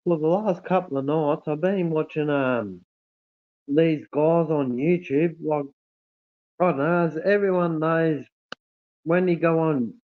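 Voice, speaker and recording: A man's voice: fairly high pitch, slow pace. A man hosting a casual livestream, reading out viewer comments and calling everyone mate and brother. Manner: warm, effusive, calls everyone mate and brother. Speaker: livestream host. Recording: tinny phone-like audio.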